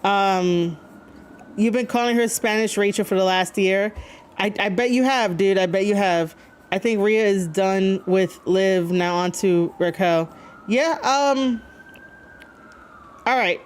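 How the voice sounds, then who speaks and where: A woman with a medium-pitched voice streams a wrestling reaction over slight background noise. She rambles casually to viewers, uses many fillers, and reads chat messages aloud.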